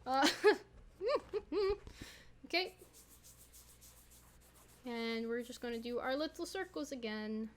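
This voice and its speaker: A woman's voice: a little high, expressive, slow pace, pauses often. A young woman chatting casually while showing a tutorial, playful and rambling with little asides. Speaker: YouTuber.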